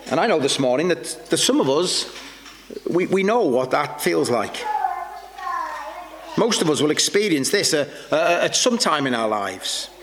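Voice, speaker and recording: A man delivers a sermon in a fairly high voice, earnest and searching, often halting and repeating himself as he reaches for the next phrase. The recording carries a long reverb tail and a faint hiss behind it. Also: sing-song. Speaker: preacher.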